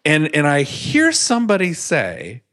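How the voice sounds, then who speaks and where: A man's voice: on the high side, huge pitch swings, measured pace, sharp tone. A man, a business owner guest on a podcast interview, telling candid, self-deprecating stories from his work.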